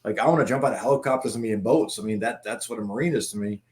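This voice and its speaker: A man's voice: on the low side, racing. Laughing, swearing former Marine man. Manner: laughing, profane, animated anecdotes. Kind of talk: casual storytelling chat.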